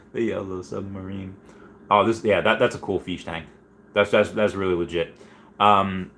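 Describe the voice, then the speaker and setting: A man hosting a casual livestream, reading viewer comments aloud and rambling excitedly. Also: fairly low pitch. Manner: excitable, rambling, many restarts and squeals. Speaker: livestream host.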